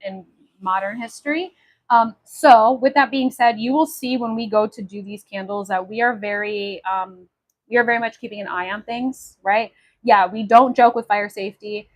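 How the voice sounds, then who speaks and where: A woman from Maui, Hawaii, hosts a casual livestream, chatting enthusiastically with viewers and using lots of fillers. Her voice is mid-range, and the recording quality is low.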